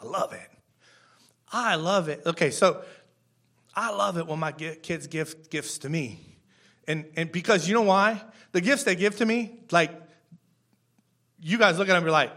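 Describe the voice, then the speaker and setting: A man's voice: high voice, normal speed, bright, forceful tone. A man in his thirties preaching a casual sermon, chatty, repeating words and asking the congregation questions. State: tearful at times. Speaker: pastor.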